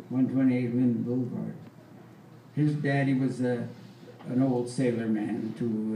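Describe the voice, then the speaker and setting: Man in his 80s, folksy storyteller, rambling, chuckling, gravelly, distant roomy live recording. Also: medium pitch, warm tone, a little hiss or hum. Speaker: folk performer and storyteller. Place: live performance venue. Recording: roomy live hall, distant mic, faint ambience.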